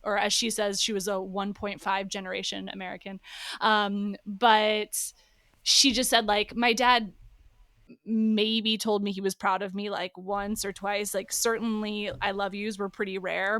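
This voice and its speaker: A woman's voice: medium pitch, little pitch movement, a little slow, fairly bright tone, no echo. Affirming woman podcast host, dry sound. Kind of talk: casual interview conversation.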